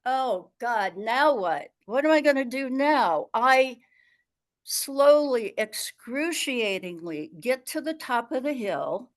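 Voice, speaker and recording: Woman storyteller, high voice, slow and dramatic, exasperated comic tale. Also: animated. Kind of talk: comic tall tale told over a video call.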